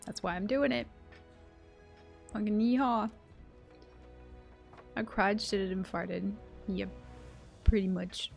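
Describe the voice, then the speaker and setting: A woman streamer chatting with her live audience while gaming, excitable and full of swearing. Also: mid-range voice, slow pace, vocal fry, pauses often, faint music behind. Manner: profane, excitable, talks to chat. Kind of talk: live game stream chat.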